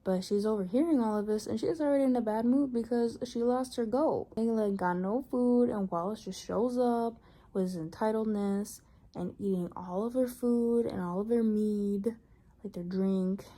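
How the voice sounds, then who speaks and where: A woman's voice: fairly high pitch, normal speed. Chatty young woman recapping a book. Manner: chatty, exasperated, animated retelling. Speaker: book vlogger.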